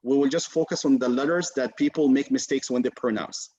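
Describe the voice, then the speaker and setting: A man's voice: mid-range voice, a little fast, mellow, a little hiss or hum. Patient man teaching on a video call. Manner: patient, encouraging, demonstrates sounds. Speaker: Quran recitation teacher. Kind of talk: online class teaching. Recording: muffled video call audio.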